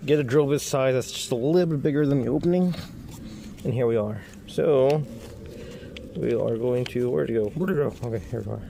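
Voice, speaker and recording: A man, a locksmith, talking casually through a repair step by step in a relaxed, folksy way. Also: medium pitch, gravelly, a little hiss or hum.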